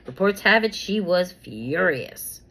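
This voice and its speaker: A woman's voice: lowish voice, very animated, slow, sharp tone, poor audio. A woman chatting casually about celebrity gossip while doing her makeup, rambling with many fillers and repeats, and sometimes whispering names as she pulls cards.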